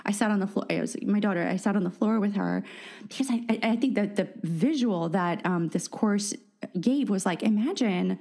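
A woman's voice: mid-range voice, normal speed, mellow. A woman hosting a podcast, chatting casually and self-deprecatingly, with frequent restarts and laughter. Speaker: podcast host. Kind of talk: casual chat.

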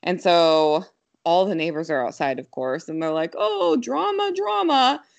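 Young woman, slightly low voice, brisk animated storyteller, filler-heavy casual chat. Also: clear, resonant tone, dull audio. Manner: quick, animated, lots of fillers.

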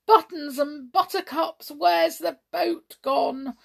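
A woman's voice: high voice, fairly even intonation, takes it slowly, gravelly, pitched above the performer's own voice, heavily acted. A woman doing Hop, a kindly little brownie. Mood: worried. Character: Hop, kind male brownie, gentle and caring.

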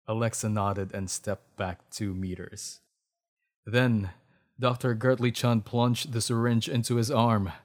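A man giving a deadpan, mock-dramatic reading of a bad story, breaking into laughing asides. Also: on the low side. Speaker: comedic story reader.

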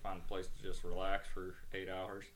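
A man's voice: low voice, monotone, normal speed, fairly bright tone, slight background noise. A man, a corrections officer, telling rambling, profane stories in a casual podcast chat.

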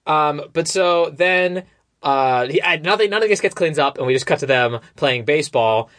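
A man's voice: a little high, lively intonation, normal speed, a bit bright. A man co-hosting a podcast, casually recapping a movie scene by scene. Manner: recaps scenes, quotes characters. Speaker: podcast co-host.

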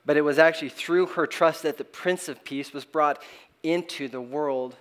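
A middle-aged man, a pastor preaching a sermon in an earnest, halting way, often restarting and letting his phrase ends trail off softly. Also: fairly high pitch.

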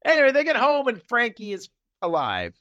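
A man's voice: very high voice, fairly quick, lo-fi sound. A man co-hosting a podcast, chatting casually and acting out scenes from a TV episode in shifting voices. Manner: animated, acts out lines in loud shifting voices. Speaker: podcast co-host. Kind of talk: casual chat recapping a TV episode.

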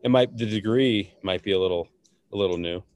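A man's voice: on the low side, fairly quick, a little mellow, no room sound. A man co-hosting a podcast, talking in a rambling, loose way with many fillers and restarts. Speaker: podcast co-host. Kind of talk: casual chat.

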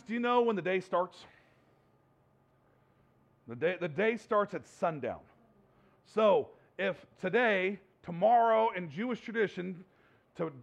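Gravelly high-voiced man preaching. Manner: earnest, repeats words and restarts, laughs between points. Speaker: pastor. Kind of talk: sermon.

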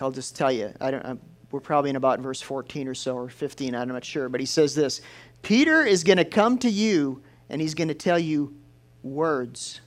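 A man preaching a sermon in a folksy, lively storytelling way. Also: fairly high pitch.

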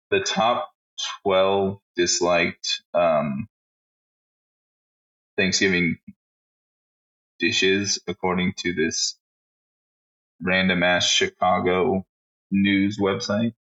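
Man, low voice with a bright edge, profane casual podcast co-host. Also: fairly even intonation, very slow, long pauses, highs cut off. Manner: profane, blunt, reads out a list.

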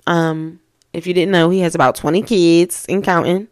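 A young woman hosting a podcast, telling stories in a blunt, profane, animated way. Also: fairly low pitch, normal speed, no echo, studio quality. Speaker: podcast host. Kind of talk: casual storytelling.

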